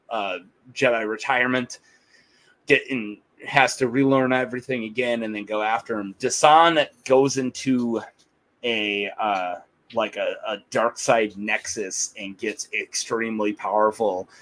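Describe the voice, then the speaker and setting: A man's voice: medium pitch, steady tone, measured pace, bright, forceful tone, poor audio. A man co-hosting a podcast, chatting casually, rambling with frequent laughter. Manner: rambling, laughs often, quotes characters in playful voices. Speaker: podcast co-host. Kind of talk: casual chat.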